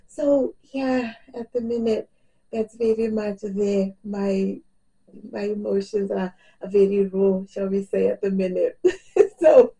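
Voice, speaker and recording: A middle-aged woman vlogging in a casual chat, her high voice soft and mellow. She laughs a lot and often sounds close to tears, her voice cracking. She sits a little back from the mic. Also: gravelly, distant mic, poor audio.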